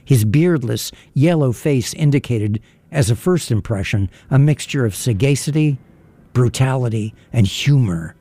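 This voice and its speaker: A man narrating an audiobook in a measured, even manner. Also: medium pitch.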